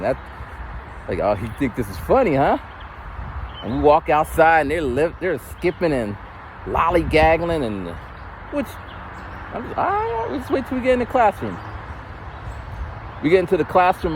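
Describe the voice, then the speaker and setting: Man, teacher, casual walking vlog, lively swooping pitch, faint street traffic, phone mic. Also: low-quality recording. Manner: animated, mimics voices with big pitch jumps. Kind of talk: casual storytelling while walking. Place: outdoors on a street. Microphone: phone camera held while walking.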